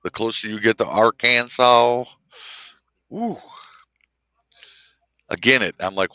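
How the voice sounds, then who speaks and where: A man from Kansas chatting casually on a livestream, telling stories in an animated way and acting out other people's voices. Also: mid-range voice, moderate pace, pauses often, no echo. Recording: slightly dull lo-fi.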